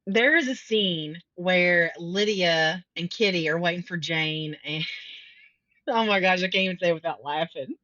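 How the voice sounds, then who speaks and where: A woman's voice: lowish voice, measured pace, bright, forceful tone, dry recording, dull audio. A woman co-hosting a podcast, chatting casually about a book, laughing often and acting out quotes. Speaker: podcast co-host.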